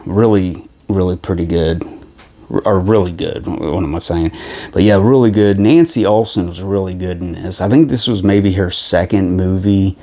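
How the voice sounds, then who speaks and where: A film collection vlogger with a low, mellow voice casually reviews movies from his collection. He rambles, using lots of fillers and restarting his sentences.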